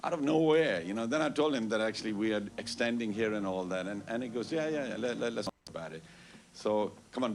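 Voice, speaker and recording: A man tells a story at a temple Sunday program, animated and full of "you know", quoting others back and forth. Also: mid-range voice, fast, soft background music. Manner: animated, quotes others in dialogue, frequent "you know" and "I goes". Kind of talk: casual storytelling announcement. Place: temple hall.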